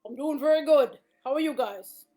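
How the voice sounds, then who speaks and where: A woman's voice: sits high, moderate pace, dark tone, close to an everyday voice. A woman giving voice to a cheerful, chatty male character named Wilson in a bubbly, giggly manner during a painting class.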